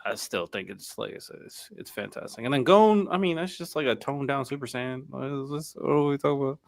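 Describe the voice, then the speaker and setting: A man's voice: mid-range voice, a little fast, gravelly. A man co-hosting a casual podcast, talking over his picks with asides and tangents. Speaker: podcast co-host.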